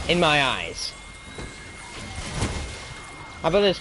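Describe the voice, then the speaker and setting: A man's voice: medium pitch, animated, moderate pace, background noise. A man giving a heated, profane opinion rant as a video reviewer. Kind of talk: ranting opinion commentary.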